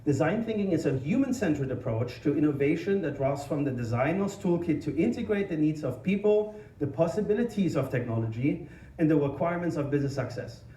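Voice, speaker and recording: A man with a German accent giving an energetic, informal tech conference talk, joking about himself and restarting sentences often. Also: a little high, a little fast, recorded from a distance, slight background noise. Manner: energetic, informal, self-deprecating, many restarts. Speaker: conference speaker. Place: conference hall. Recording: echoey hall, mic from afar.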